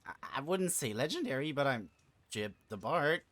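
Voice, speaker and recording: A man's voice: mid-range voice, big pitch swings, very fast, dark tone, no room sound, natural voice. A man voicing a humble, flustered bard who stammers and plays himself down. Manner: stammering, modest.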